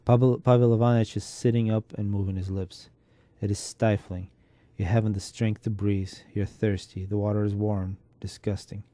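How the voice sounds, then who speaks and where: A man narrating a classic short story in a measured, steady reading. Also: lowish voice. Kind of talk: unhurried literary reading.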